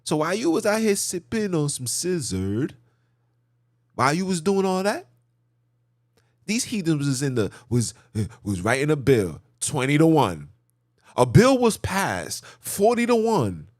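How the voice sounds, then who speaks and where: Male vlog host, impassioned preachy commentary, highish animated voice, dry close sound. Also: a little slow, no echo. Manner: preachy, repetitive, rhetorical; mocking asides. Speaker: channel host.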